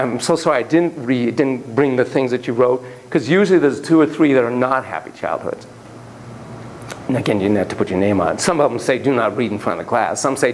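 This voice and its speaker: A man's voice: medium pitch, slight background noise, poor audio. A man giving a classroom lecture on parenting, acting out quoted voices and digressing with laughter. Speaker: psychology lecturer.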